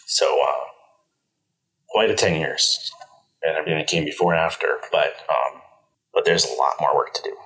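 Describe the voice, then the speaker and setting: A middle-aged man, a podcast guest, telling a personal story in an earnest, reflective way with halting restarts. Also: very deep voice, a bit bright, rough recording.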